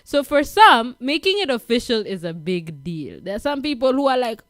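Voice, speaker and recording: A woman with an African accent talks through relationship advice on a late-night radio show, chatty and quick to laugh. Her voice sits a little high. The studio mic gives a close, dry sound. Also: very animated, dry recording. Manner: chatty, laughs often, asks "right?". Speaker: radio host.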